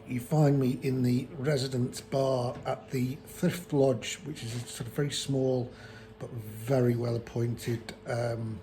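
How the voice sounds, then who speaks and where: A man chatting through his walking diary in a rambling, relaxed way, full of ums and restarts. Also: mid-range voice, a little hiss or hum, poor audio. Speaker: long-distance walker filming a trail diary. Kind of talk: casual vlog narration.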